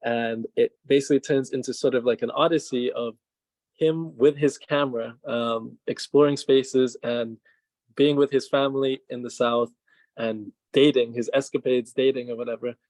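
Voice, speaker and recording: A man's voice: mid-range voice, fairly even intonation, moderate pace, darkish tone, dry recording. A man who is a filmmaker and the guest, talking on a video call, hesitant, with many fillers and restarts. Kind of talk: casual conversational interview.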